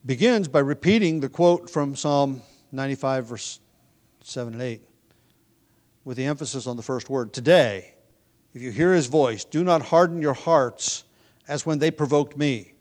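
Male preacher, mid-range voice, measured expository sermon delivery. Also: mid-range voice, a little mellow. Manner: measured teaching delivery with occasional restarts.

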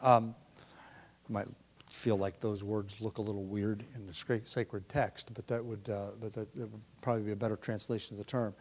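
A man preaching a verse-by-verse Bible sermon in a conversational, thinking-aloud way, with frequent ums, restarts and throat clearing. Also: lowish voice, level tone, moderate pace, a little mellow, slight background noise.

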